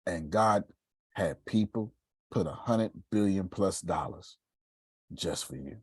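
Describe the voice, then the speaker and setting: Male motivational speaker, low husky voice, animated and preachy, dry close sound. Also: slow pace, no room sound. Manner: animated, swings between loud bursts and hushed asides. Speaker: motivational speaker on live video. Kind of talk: casual preacherly live talk.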